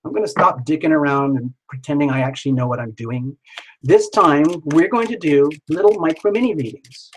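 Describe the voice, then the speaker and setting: A man's voice: on the high side, expressive, a little fast, poor audio. A man hosting a live tarot stream, who talks playfully and jokes around with sing-song asides. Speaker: tarot reader hosting a livestream.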